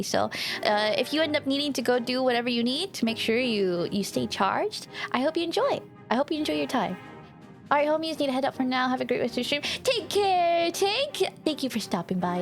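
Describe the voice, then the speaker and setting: A woman streamer with a high voice and vocal fry chats casually with her viewers as she plays a game, giggling often and swearing now and then.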